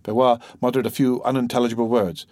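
Man narrating a story in a steady voice. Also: mid-range voice, fast, dry recording, clean studio sound. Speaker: audiobook narrator. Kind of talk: scripted narration.

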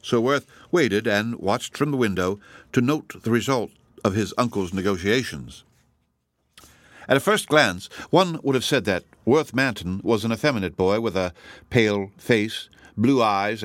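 A man narrating an audiobook story in a steady, measured reading. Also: fairly low pitch, no room sound. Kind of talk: scripted narration.

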